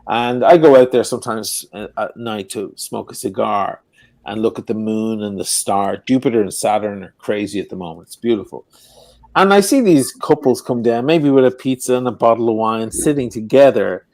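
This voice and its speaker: Irish man ranting with animated swearing. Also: on the low side, moderate pace, dry recording. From Ireland. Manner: animated, profane ranting storyteller. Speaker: guest. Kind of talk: casual chat. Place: home in Venice.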